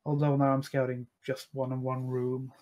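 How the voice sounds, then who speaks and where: A man's voice: medium pitch, monotone, moderate pace, darkish tone, lo-fi sound. A man playing a tabletop game, muttering while he checks and reports his rolls. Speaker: player. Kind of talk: tabletop role-play, reporting dice rolls.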